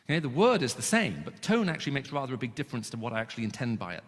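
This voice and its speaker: A man's voice: mid-range voice, wildly swooping pitch, very fast, faint music behind. Preaching man in a reverberant hall. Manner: earnest, rhetorical questions to the audience. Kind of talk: sermon.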